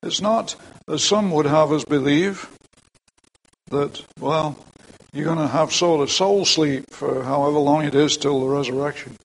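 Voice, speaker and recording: A man's voice: fairly high pitch, unhurried, poor audio. An older man preaching a sermon in a church, talking plainly to the congregation with frequent asides.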